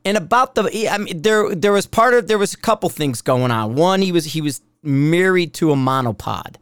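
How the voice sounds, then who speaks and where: A man's voice: fairly high pitch, animated, moderate pace, clean tone, dry recording, studio quality. A man hosting a podcast as a shooting instructor, talking in a blunt, rambling, profane way. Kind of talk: casual rambling podcast monologue.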